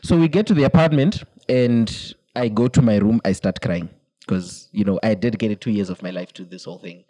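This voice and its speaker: A man's voice: fairly low pitch, fairly quick, warm tone, dry recording, rough recording. A young man, a podcast co-host, telling a long personal story in casual chat, laughing often and quoting people in put-on voices.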